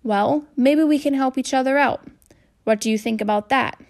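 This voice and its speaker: Woman as a gentle encouraging school counselor. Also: high-pitched, normal speed, voice pushed up. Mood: kind.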